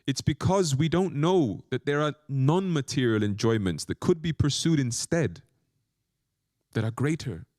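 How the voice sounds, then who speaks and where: A man, a monk, giving a spiritual lecture, telling stories and asking the audience questions, and slowing down to stress key points. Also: medium pitch, no room sound, studio quality. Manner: animated storytelling with questions to the audience.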